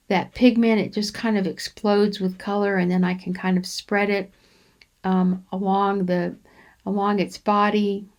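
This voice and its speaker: Woman, host of a home craft tutorial, mid pitch, easygoing and meandering, lots of ums. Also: a little mellow. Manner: unhurried, rambling, frequent ums and restarts. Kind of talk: relaxed coloring demonstration voice-over.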